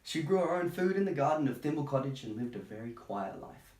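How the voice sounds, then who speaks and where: A man's voice: medium pitch, animated, a little fast. Man reading a picture book, echoey room. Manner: chatty, gentle, sympathetic asides. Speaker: storytime reader. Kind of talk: reading a picture book aloud with casual asides. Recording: roomy echo.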